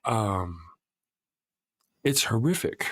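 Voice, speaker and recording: A man's voice: lowish voice, big pitch swings, drawn-out words, fairly bright tone. A man hosting a casual livestream podcast, chatting loosely with a co-host, laughing often and reading viewer messages aloud.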